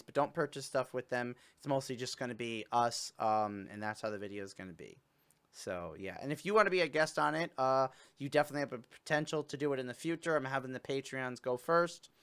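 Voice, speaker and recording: A young man hosting a casual stream, talking straight to his chat in a rambling, joking way. His voice is bright and clear and sits a little high. He is recorded on a home desk mic. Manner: chatty, rambling, jokey with playful fake sobbing. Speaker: host.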